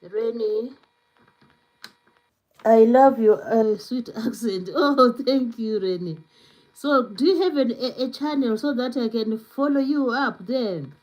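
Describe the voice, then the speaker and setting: A woman's voice: on the high side, slow, darkish tone, low-quality recording. Chatty woman hosting a live stream. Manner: chatty, filler-heavy with many "you know"s; reads out and answers viewer comments. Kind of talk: casual live stream chat.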